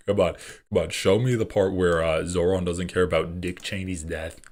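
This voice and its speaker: A man's voice: on the low side, steady tone, normal speed, a little mellow. Sarcastic, swearing male streamer. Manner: sarcastic, profane, laughs often. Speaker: streamer reacting to clips. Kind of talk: casual live-stream commentary.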